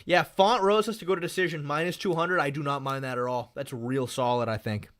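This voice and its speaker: A man's voice: fairly high pitch, steady tone, fairly quick, fairly bright tone. Rambling, swearing male streamer. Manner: rambling and repetitive, swears casually. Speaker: MMA streamer. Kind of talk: casual livestream chat.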